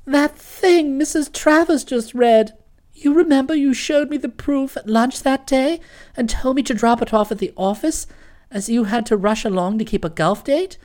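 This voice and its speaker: A woman's voice: high-pitched, normal speed, a little mellow, lightly acted. A woman doing an earnest, contrite young woman. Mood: confessing. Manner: earnest, apologetic.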